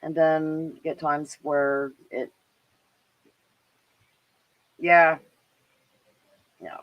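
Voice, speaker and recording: The recording is dry and dull as a middle-aged Canadian woman, Canadian accent and all, hosts a livestream, rambling casually with many fillers and laughs. Her low-sitting voice is flat in delivery and extremely slow.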